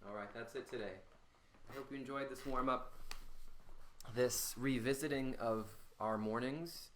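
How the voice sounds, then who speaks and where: A man leading a guided voice warmup as a voice teacher, talking in a slow, calm way. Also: medium pitch, slight background noise. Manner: slow, calm guiding, with loud called-out "hey"s. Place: home room during the pandemic. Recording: echoey room, mic at a distance.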